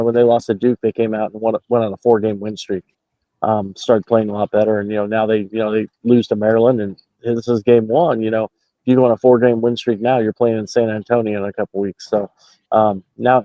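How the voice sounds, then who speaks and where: A man with a warm, mid-range voice reports from a basketball arena right after the game, just out of the locker room. His loose analysis rambles with many fillers and restarts, carried over dull lo-fi call audio with no echo.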